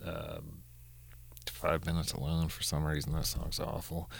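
A man's voice: rumbling low, monotone, unhurried, gravelly, slightly rough. A man co-hosting a podcast, chatting casually and giving blunt opinions. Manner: blunt, dry remarks. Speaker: podcast co-host. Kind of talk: casual chat.

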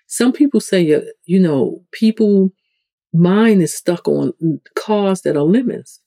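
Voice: lively intonation, takes it slowly, mellow, dry recording. A host with a New York accent giving a casual, rambling spiritual teaching talk, restarting sentences often. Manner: conversational, rambling, with frequent restarts; acts out quoted people with sudden pitch jumps.

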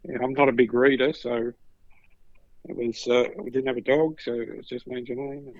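A man's voice: medium pitch, fairly quick, no echo. A man in his fifties with an Australian accent, telling stories in a casual chat and acting out the voices. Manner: animated anecdotes, acting out voices. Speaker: podcast co-host, former paramedic. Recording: dull lo-fi dry sound.

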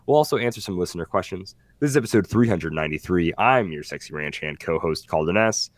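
A man's voice: deep voice, animated, fast, dry recording. A man co-hosting a podcast in casual, jokey, self-mocking chat. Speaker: podcast co-host.

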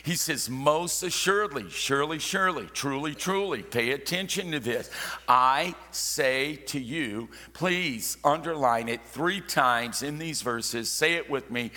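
Slow, bright-voiced male preacher. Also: medium pitch, animated. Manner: slow, emphatic preaching with call-and-response. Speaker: pastor. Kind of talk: sermon.

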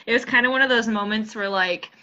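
A woman co-hosting a casual chat, reacting in an animated, giggly way with lots of fillers. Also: on the high side, quick pace, dull audio. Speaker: podcast co-host.

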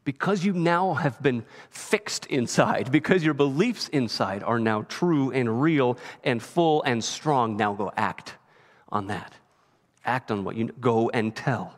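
A man's voice: medium pitch, unhurried. A man preaching a sermon as a pastor, in a conversational way and often checking in with "right?". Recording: long reverb of a large hall.

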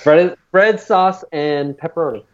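A man's voice: on the high side, a little slow. A man co-hosting a podcast in casual chat, rambling with plenty of ums and uhs. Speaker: podcast co-host. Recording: dull lo-fi recording.

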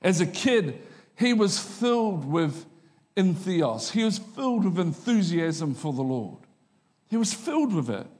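A man's voice: high voice, very animated, measured pace, darkish tone. A man, loose and chatty, with humour and punchy repeated lines. His voice rings out through a church auditorium with a long reverb tail from the hall. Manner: conversational and joking, with repeated punchlines. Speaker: pastor. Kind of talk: sermon.

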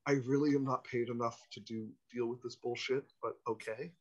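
A man voicing a weary, deadpan male maitre d' in New York, on a muffled lo-fi recording. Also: medium pitch, fairly quick, voice pushed down, lightly acted. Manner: deadpan, flat. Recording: muffled lo-fi audio.

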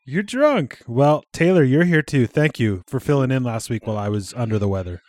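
A man's voice: medium pitch, brisk, a little mellow, dry recording, studio quality. A man hosting a comedic podcast, telling rambling stories, laughing often and joking crudely. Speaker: podcast host. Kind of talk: casual comedic podcast chat.

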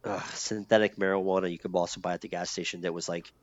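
Low-voiced man telling his story, dull recording. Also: level tone, fast talker, dry recording. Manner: loose and profane, many fillers and restarts. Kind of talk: candid conversational storytelling. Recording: dull lo-fi sound.

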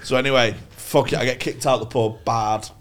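A man's voice: mid-range voice, steady tone, normal speed, fairly bright tone. A man, telling rambling, sweary anecdotes on a podcast. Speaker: podcast co-host. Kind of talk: casual storytelling chat.

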